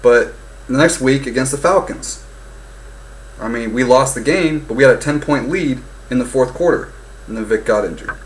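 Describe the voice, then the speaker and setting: A young man ranting casually about football, heated and profane, swinging between loud outbursts and low muttering. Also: moderate pace, slight background noise, poor audio. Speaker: fan vlogger. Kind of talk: casual sports rant.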